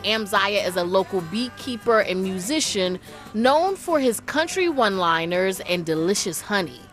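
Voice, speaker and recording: A woman radio host presenting a scripted arts segment and starting an interview, in a clear, friendly manner. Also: medium pitch, fairly bright tone.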